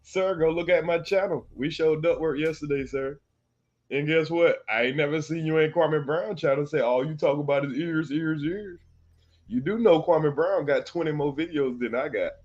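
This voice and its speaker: A man's voice: on the high side, normal speed, darkish tone, highs cut off. A man hosting a reaction stream, taunting his critics, laughing between jabs and calling viewers sir. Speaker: host of a reaction channel. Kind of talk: mocking live commentary.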